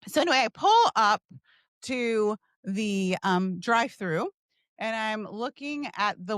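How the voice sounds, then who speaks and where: A middle-aged woman and sales coach telling a story in a lively way, acting out her own lines in a raised voice. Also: dry recording. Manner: animated, acts out her own past lines in a higher voice. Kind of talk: storytelling talk.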